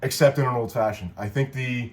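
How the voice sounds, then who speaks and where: In a mid-range, steady voice and at a slightly fast pace, a man co-hosts a cocktail video, chatting casually as he makes a drink at home. He rambles, jokes, and corrects himself as he goes.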